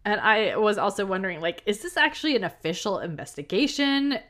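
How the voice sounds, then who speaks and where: A woman's voice: mid-range voice, lively intonation, normal speed, fairly bright tone. A woman co-hosting a casual podcast, talking about a film and laughing between her remarks. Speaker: podcast co-host. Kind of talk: casual movie discussion.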